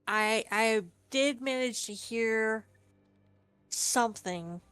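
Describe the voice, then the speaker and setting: Lady player at a tabletop game, super slow talker, dry close sound. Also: fairly high pitch, a bit bright, clear, resonant tone, dry recording. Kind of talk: casual tabletop game play.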